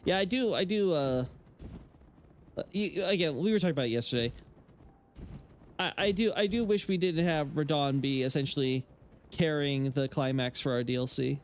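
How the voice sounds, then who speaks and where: A man's voice: a little high, normal speed, long pauses, a little hiss or hum. A man chatting casually about game lore while he plays on a stream, rambling with many fillers and restarts and giving blunt opinions. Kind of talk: casual live-stream chat while playing.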